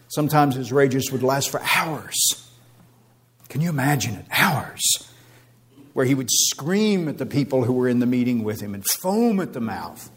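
A man's voice: mid-range voice, big-room sound. A man preaching a sermon with an emphatic, repetitive cadence.

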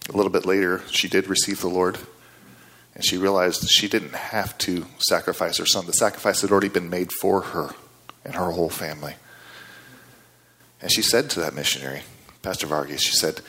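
Deep-voiced guy preaching, earnest and chatty, keeps asking the crowd "okay?". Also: fairly even intonation, normal speed, long pauses, sharp tone. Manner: earnest, conversational, checks in with the audience. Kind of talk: storytelling sermon.

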